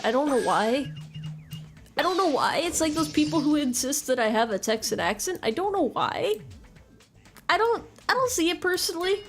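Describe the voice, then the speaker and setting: A woman with a high voice chats casually with her viewers while she plays a game. She rambles, swears freely and answers messages as they come in. Soft music plays faintly underneath. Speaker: game streamer.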